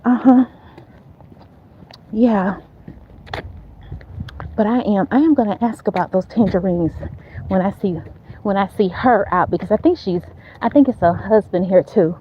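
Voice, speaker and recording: Chatty woman host, unhurried, cheering viewers on from a walk, dull lo-fi phone sound. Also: medium pitch, slight background noise. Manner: chatty, talks straight to viewers, repeats herself; walking as she talks, upbeat and encouraging. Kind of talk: casual live-stream chat while walking. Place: outdoors on a neighborhood street. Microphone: phone held while walking.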